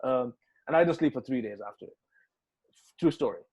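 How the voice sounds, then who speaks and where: The sound is lo-fi, and the man's mid-range voice is brisk with a breathy edge. A musician from the United Arab Emirates, he's a guest in a casual interview, telling an animated story packed with swearing and acted-out quotes.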